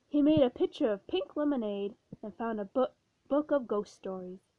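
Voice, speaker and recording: A woman narrating a children's storybook aloud in a slow, clear storytelling manner. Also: fairly high pitch, expressive, no room sound. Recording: dull, dry recording.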